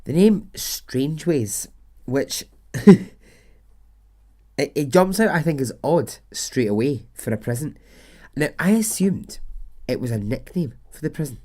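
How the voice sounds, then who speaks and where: A man's voice: fairly high pitch, animated, unhurried, pauses often, darkish tone. A man hosting a storytelling podcast, talking in a chatty way and laughing often. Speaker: podcast host.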